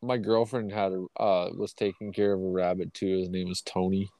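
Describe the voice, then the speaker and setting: A man's voice: sits low, flat delivery, moderate pace, warm tone, no room sound. A man from Canada telling long, rambling, profane stories in a casual podcast chat. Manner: profane, rambling anecdotes with acted quotes. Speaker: podcast co-host.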